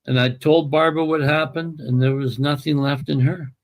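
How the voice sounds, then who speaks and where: A man's voice: fairly high pitch, fairly even intonation, normal speed. A man telling a personal family story as an interview guest, emphatic and emotional.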